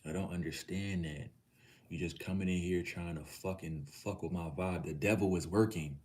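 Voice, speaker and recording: A man's voice: low voice, fairly even intonation, moderate pace, a little mellow, slight background noise. A middle-aged man from Texas hosting a livestream, talking casually with his chat, swearing freely and calling viewers nephew. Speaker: livestream host.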